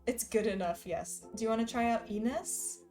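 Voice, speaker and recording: A woman's voice: on the high side, normal speed, dark tone, soft background music. A woman streamer talking casually with her chat, laughing often and reading messages aloud. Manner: giggly, chatty, reads chat aloud.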